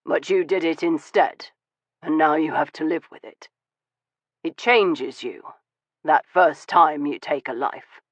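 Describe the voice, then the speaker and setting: A man voicing a wounded, weary Victorian gentleman who speaks in a low, measured and bitter way in an audiobook. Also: no echo. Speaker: audiobook voice of a male character. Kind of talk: audiobook dialogue reading. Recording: dull, dry studio audio.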